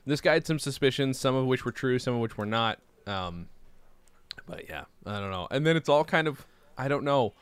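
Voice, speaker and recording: An animated man chatting casually on his podcast, often laughing and swearing, with pitch that leaps up and sinks again. His voice is mid-range and dry, recorded close with no room echo. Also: normal speed, smooth. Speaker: podcast host. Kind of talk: casual chat.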